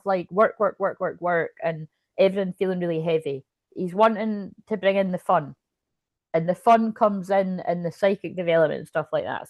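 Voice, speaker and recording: This woman has a fairly low pitch and is recorded with no room sound. Playing psychic medium for a casual tarot reading, she chats and rambles, interrupts herself mid-sentence, hiccups, and laughs a lot.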